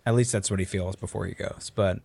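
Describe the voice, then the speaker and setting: Low-voiced man, dry close mic. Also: fairly even intonation, a little fast, creaky, darkish tone, husky, no echo. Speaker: podcast guest. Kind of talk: casual chat.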